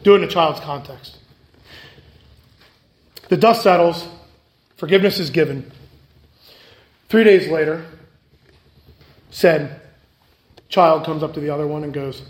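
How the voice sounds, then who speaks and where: A man preaching a sermon as pastor, emphatic and repetitive, swinging between loud stresses and hushed asides. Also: fairly high pitch, a little slow, pauses often. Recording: echoey room.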